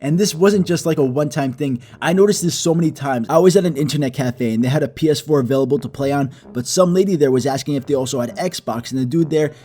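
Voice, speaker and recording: A young man narrating a comedic story in a profane, animated, self-mocking way. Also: a little high, fast, hardly any pauses. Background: soft background music.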